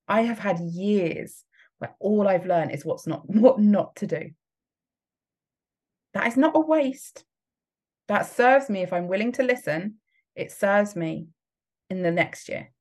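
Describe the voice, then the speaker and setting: A woman coach giving a motivational talk, emphatic and frequently laughing as she acts out the voices in people's heads. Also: on the low side. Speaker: business coach.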